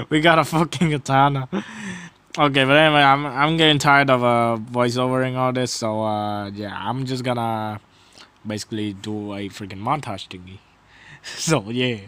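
A young man doing a casual voice-over of his gameplay, swearing, laughing and shouting in disbelief between low, mumbled asides. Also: fairly even intonation, normal speed, clean tone. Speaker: gameplay commentator.

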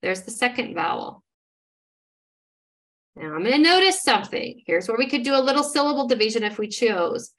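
A woman's voice: a little high, lively intonation, normal speed, long pauses, fairly bright tone. A woman giving an instructional demonstration as a literacy trainer, modeling how to decode words step by step in an encouraging way.

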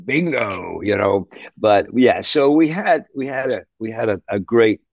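An older man from Canada, a musician, telling animated, salty stories in an interview and acting out the voices. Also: lowish voice, unhurried, creaky, dry recording. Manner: animated, swears, acts out voices. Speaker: musician guest.

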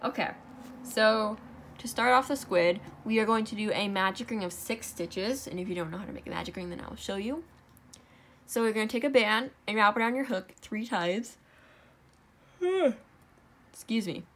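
Young adult woman hosting a home craft tutorial; relaxed, chatty, fixes her slips aloud. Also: medium pitch, normal speed, slight background noise. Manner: chatty, self-correcting, talks while working. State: out of breath. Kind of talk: casual step-by-step craft tutorial.

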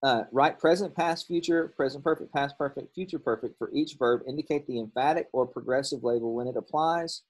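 In a recorded classroom lesson with poor audio, a male teacher explains grammar in a casual way. His mid-range voice is a little husky, and he pauses often on "um"s and catches his own slips.

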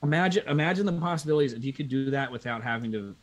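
A man from Pennsylvania, a business coach and guest in a casual chat, who tells animated stories and acts out the people in them. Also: mid-range voice, very fast. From Pennsylvania, USA.

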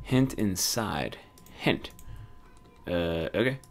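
Excitable young man playing a game. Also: low voice, extremely slow, vocal fry, slight background noise. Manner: excitable, laughing, thinking aloud. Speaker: gamer. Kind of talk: casual game commentary.

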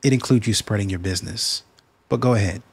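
A man's voice: on the low side, fast, slightly rough. A man giving reaction commentary in blunt, scolding interjections.

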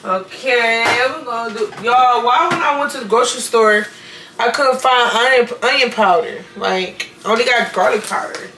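A young woman vlogs while making dinner in her kitchen, talking in a loose, playful way and calling her viewers y'all. Her voice sits fairly high and sounds tired and a little worn. Kitchen and household noise comes through clearly behind her. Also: normal speed. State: sleepy, voice a bit worn. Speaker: vlogger. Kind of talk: casual cooking vlog. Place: home kitchen.

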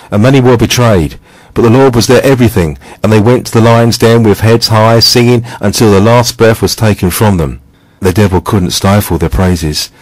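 A man preaching a scripted sermon, reading scripture quotes in a measured, steady devotional way. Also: low-pitched, no room sound, poor audio.

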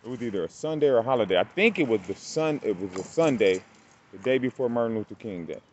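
A man talking casually to the camera while working his dog outdoors, halting and fumbling over his words, with bursts of cooing praise for the dog. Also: mid-range voice, animated. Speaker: dog owner and breeder. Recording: dull lo-fi camera audio with faint outdoor noise.

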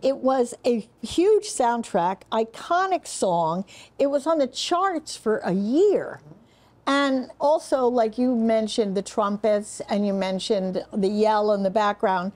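A woman's voice: a little high, expressive, takes it slowly, a little mellow. An older woman co-hosting a film review show, chatting in a playful, teasing way. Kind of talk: casual chat. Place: production studio.

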